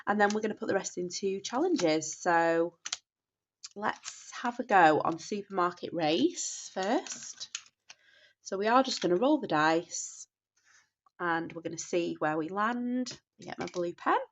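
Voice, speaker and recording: A woman's voice: on the low side, lively intonation, measured pace, slight background noise. Bunged-up chatty Northern woman vlogger. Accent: Northern English. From North West England. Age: 30s. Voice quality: nasal, bunged up. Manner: chatty, apologetic, often restarts and says sorry. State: congested from a cold. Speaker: budgeting vlogger. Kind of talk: casual chat. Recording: dull lo-fi home recording.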